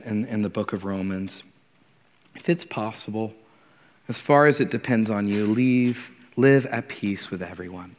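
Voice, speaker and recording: Earnest male pastor in a reverberant sanctuary. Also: lowish voice. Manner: earnest, conversational, repeats words when starting a thought. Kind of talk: sermon. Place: church sanctuary. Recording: long hall reverb.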